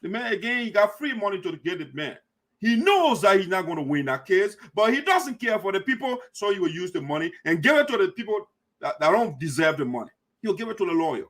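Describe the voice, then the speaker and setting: A man from Liberia, hosting a diaspora community show and delivering impassioned, accusatory political commentary, repeating himself for emphasis and sometimes shouting. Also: high-pitched, big pitch swings, fairly quick.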